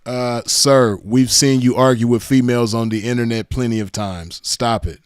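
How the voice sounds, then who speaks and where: A man with a Southern California accent hosts a reaction show, mocking what he hears and breaking into laughter as he repeats phrases. His voice is mid-pitched and recorded close and dry. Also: steady tone, normal speed, clear, resonant tone, dry recording. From Los Angeles County. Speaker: commentary host reacting to clips. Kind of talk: casual reaction commentary.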